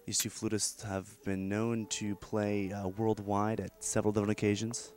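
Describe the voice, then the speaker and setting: A man doing mock broadcast commentary as an event reporter, speaking in a deadpan, mock-formal announcer tone. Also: on the low side, moderate pace.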